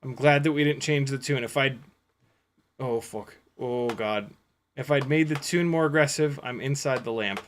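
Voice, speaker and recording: Excitable man streaming drone flights. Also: medium pitch, normal speed. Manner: excitable, swears and exclaims mid-flight. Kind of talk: live-stream flying commentary and Q&A. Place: house, indoors.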